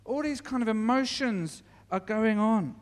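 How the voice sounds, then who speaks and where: Man, preacher, informal sermon, chatty storytelling, high voice, long echoing reverb. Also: measured pace. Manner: conversational storytelling with many restarts.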